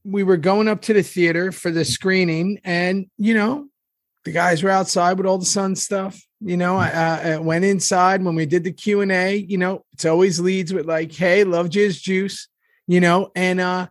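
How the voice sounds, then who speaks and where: A man's voice: high-pitched, steady tone, moderate pace, no room sound, clean studio sound. A man co-hosting a podcast in casual chat, rambling through stories with many fillers and acted-out quotes. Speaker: podcast co-host.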